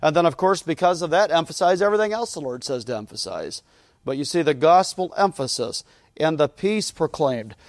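A man's voice: on the high side, lively intonation, brisk, no echo, studio quality. A man pastor preaching a sermon in a church, earnest and emphatic, often repeating his phrases.

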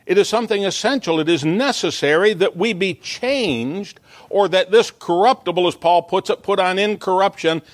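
A male pastor delivering a sermon in a fairly high voice. He speaks earnestly, building toward emphatic peaks, and sometimes breaks off into small stumbling asides. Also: moderate pace, no echo. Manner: earnest preaching, rising to emphatic peaks, occasional self-interrupting asides.

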